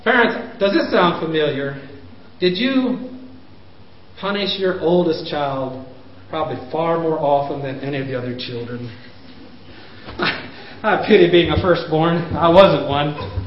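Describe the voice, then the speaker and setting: A man in his fifties lecturing parents, animated, pushing his voice up for emphasis and chuckling at himself. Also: fairly high pitch, unhurried, pauses often. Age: 50s. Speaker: speaker on parenting. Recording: roomy, dull lo-fi recording.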